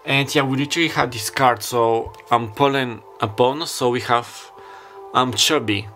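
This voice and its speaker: A man's voice: mid-range voice, steady tone, normal speed, pushed and bright, faint music behind. Hesitant tarot reader, man. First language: not English. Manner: rambling, hesitant, searches for words aloud. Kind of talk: casual tarot reading monologue.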